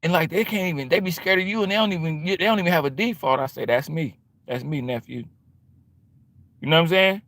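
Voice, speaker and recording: Streamer man, heated and slangy, tense bright tone, sits a little high. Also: brisk, dry recording. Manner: confrontational, repetitive and slangy. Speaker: livestream host. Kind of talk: livestream rant to chat.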